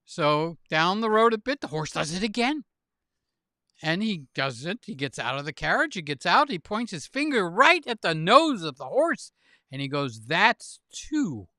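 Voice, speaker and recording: Bright-voiced man telling jokes on a livestream. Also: high voice, moderate pace, no echo, studio quality. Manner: animated joke-telling, laughs at own jokes. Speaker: livestream host. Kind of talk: casual chat with guests.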